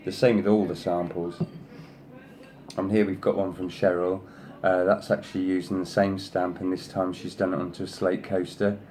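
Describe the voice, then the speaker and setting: Level in tone and a little mellow, an adult man speaks at a moderate pace with slight background noise as he shows design samples for his craft video. He's effusive and rambling, saying "you know" often and praising each piece at length, and he uses a higher voice to coax his pet. His sister is past thirty.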